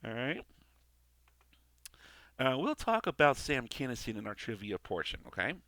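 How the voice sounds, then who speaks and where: A man's voice: mid-range voice, sing-song, normal speed, a bit bright. Rambling male show reviewer. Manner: rambling, repeats "okay" and "all right". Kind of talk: casual commentary.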